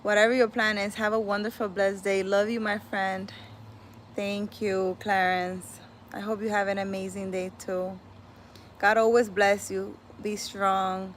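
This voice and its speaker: A woman's voice: mid-range voice, flat delivery, a little slow, a little hiss or hum. Chatty woman livestreaming as a healer. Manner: chatty, laughs often, slips in Spanish exclamations. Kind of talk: casual livestream talk.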